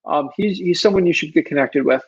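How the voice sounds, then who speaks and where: A man's voice: a little high, a little fast, slightly rough, highs cut off. A man giving casual advice while answering viewer questions, earnest and pleading, rambling with lots of fillers. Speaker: real estate wholesaler answering viewer questions.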